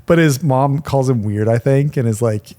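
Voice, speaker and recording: Man podcast co-host, mid pitch, loose hedging film chat, room mic. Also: normal speed, dark tone. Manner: casual, hedging with "like" and "I think". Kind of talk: casual film discussion. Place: small room with microphones. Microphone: studio microphone.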